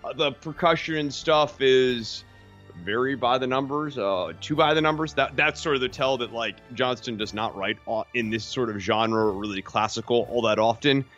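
A man's voice: medium pitch, moderate pace, a bit bright, highs cut off, faint music behind. A man co-hosting a podcast, giving critical, analytical takes in casual chat. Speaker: podcast co-host.

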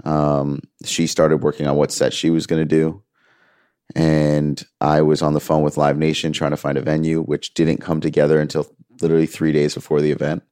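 Interview guest: man, very low voice, earnest and animated storyteller, dry close sound. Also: moderate pace, clear, resonant tone, dry recording. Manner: earnest, animated retelling with quoted dialogue. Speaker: music manager, interview guest.

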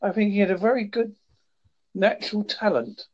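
A man from the United Kingdom with a British accent, chatting casually in a polite, halting way and repeating his words. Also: sits high, fairly even intonation. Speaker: chat partner. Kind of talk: casual chat. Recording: muffled lo-fi audio.

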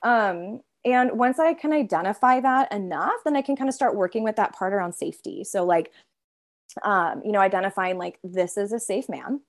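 A woman therapist in easy, conversational talk, leaning on "like" at every turn. Her pitch sits at an ordinary middle. She slips into quick little voices for the parts of herself she describes. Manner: chatty, heavy use of filler "like". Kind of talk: casual interview conversation.

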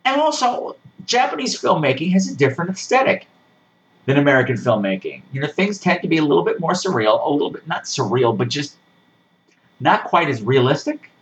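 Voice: mid-range voice, big pitch swings, brisk, low-quality recording. A podcast host giving a sarcastic, exasperated rant while reviewing a horror movie, swearing freely. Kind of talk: casual ranting movie review.

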